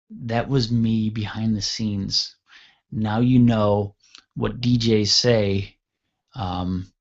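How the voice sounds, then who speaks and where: A man's voice: medium pitch, highs cut off. A man hosting a radio talk show, telling a long anecdote in a blunt, rambling, casually profane way. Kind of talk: casual storytelling chat.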